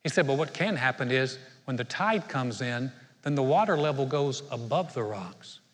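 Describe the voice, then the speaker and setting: A man's voice: mid-range voice, animated, moderate pace. A middle-aged male pastor giving a sermon, talking conversationally and joking with the congregation. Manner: conversational, self-deprecating humor with the congregation. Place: church sanctuary. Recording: long hall reverb.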